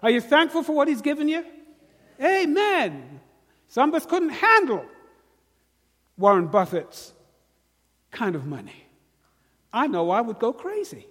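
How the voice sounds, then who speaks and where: A man's voice: extremely high pitch, wildly swooping pitch, measured pace, pauses often, fairly bright tone, in a large hall. A man with a British accent preaching a sermon, questioning the congregation and drawing call-and-response. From Britain.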